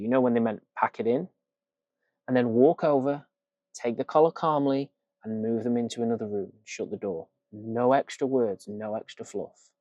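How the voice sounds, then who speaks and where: A man's voice: mid-range voice, darkish tone, no echo. A man working as a dog trainer, giving casual, emphatic training tips straight to the viewer. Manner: emphatic, casual, swears for effect. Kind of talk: direct-to-camera training tips.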